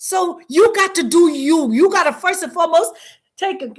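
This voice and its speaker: With an extremely high, expressive voice, a woman leads a spiritual teaching talk as host. Her emphatic, preacher-like delivery features repeated, drawn-out phrases.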